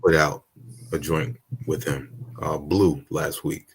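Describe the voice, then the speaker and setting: A man's voice: a bass voice, fairly even intonation, takes it slowly, slightly rough. A man hosting a podcast interview, laid-back and casual, mostly giving short affirmations. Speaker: podcast host.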